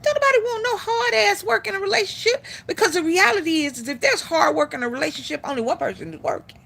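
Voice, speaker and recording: A woman's voice: very high voice, animated, quick pace, vocal fry, fairly bright tone. A middle-aged woman hosting a live stream, giving blunt, profane opinions in casual talk.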